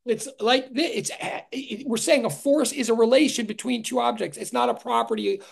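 A man, a physics professor, giving an animated conceptual lecture to an online class, thinking aloud with frequent restarts and dry sarcastic asides. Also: very high voice, moderate pace, creaky. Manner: emphatic, stressing ideas with repeated "really".

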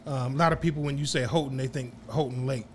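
A man's voice: mid-range voice, fairly even intonation, slight background noise. A man who is a DJ co-hosting a podcast, joining in with short remarks and easy laughter. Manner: quick interjections, easy laughter. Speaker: DJ and podcast co-host. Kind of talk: casual chat.

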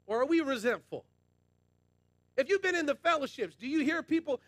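A man's voice: very high-pitched, lively intonation, fairly quick, pauses often, a bit bright, dry recording. A man preaching a sermon as pastor, emphatic and colloquial, repeating lines for emphasis and addressing the congregation directly. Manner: passionate, emphatic preaching with repetition.

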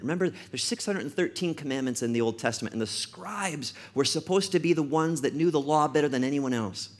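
A man preaching a sermon as pastor, stressing key phrases slowly and repeating them, with quicker conversational storytelling asides. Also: medium pitch. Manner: emphatic, with slowed-down stressed phrases and repetition for effect.

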